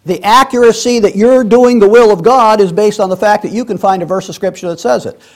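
A man's voice: high voice, fairly quick. A man teaching a Sunday school class in a church, reading scripture aloud and explaining it in a conversational way, with many restarts and asides.

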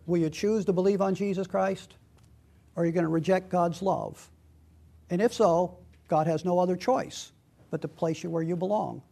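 A man's voice: high voice, creaky, darkish tone. A middle-aged man preaching a sermon as pastor, reading scripture aloud and pressing his points with rising emphasis.

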